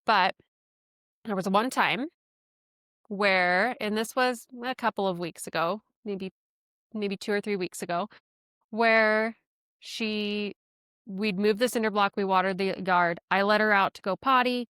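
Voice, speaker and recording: A woman's voice: mid-range voice, measured pace, pauses often, fairly bright tone, smooth, no echo, studio quality. A woman hosting a podcast, telling a personal story in a chatty, self-deprecating way and laughing often. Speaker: podcast host.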